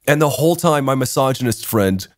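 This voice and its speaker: A young man hosting a podcast, telling a story in casual chat, animated, swearing a lot and laughing as he talks. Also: mid-range voice, fairly quick, no echo, studio quality. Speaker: podcast host.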